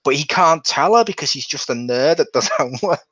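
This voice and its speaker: Guy on a podcast, fairly high voice, acts out quotes, dull dry recording. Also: moderate pace, husky, dry recording. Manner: animated storyteller who acts out quotes in different voices. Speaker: podcast co-host. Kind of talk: casual chat. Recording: dull, lo-fi sound.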